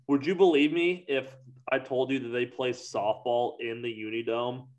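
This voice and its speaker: A man's voice: medium pitch, steady tone, normal speed, a little mellow. A man in casual conversation who rambles, leaning heavily on filler words. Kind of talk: casual chat.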